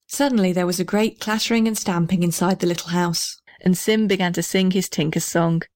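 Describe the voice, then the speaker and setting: A woman narrating a children's storybook in a clear, measured storytelling manner. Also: on the low side, steady tone, a little mellow, no echo, clean studio sound. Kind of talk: storybook reading.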